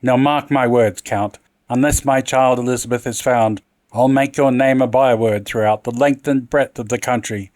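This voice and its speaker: A man's voice: medium pitch, steady tone, normal speed, a little mellow, no room sound, close to an everyday voice. A man playing an anguished, furious old general. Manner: emotional, anguished, then furious. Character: stern grieving army general, older man, hot-tempered.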